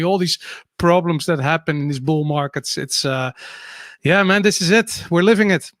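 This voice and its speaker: Man, podcaster guest, animated, laughing, dry sound. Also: a little high, normal speed, no echo. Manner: animated, laughs through his words. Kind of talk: casual panel chat.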